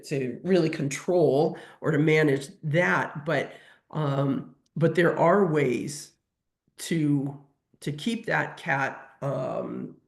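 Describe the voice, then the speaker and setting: Fielding audience questions during a webinar, this woman, a veterinary nutrition technician, speaks in a low voice and hesitates a lot, full of fillers and restarts.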